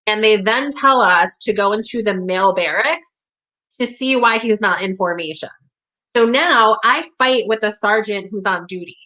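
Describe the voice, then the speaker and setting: Bright, casual woman telling a story. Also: mid-range voice, normal speed, poor audio. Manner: casual and profane, heavy use of "like". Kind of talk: personal storytelling.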